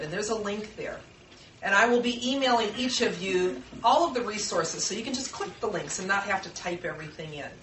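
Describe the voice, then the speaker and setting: A woman's voice: medium pitch, pushed and bright, a little hiss or hum. A middle-aged woman giving an informal workshop talk, earnest and conversational, with personal stories. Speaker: workshop presenter. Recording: echoey room, mic far off.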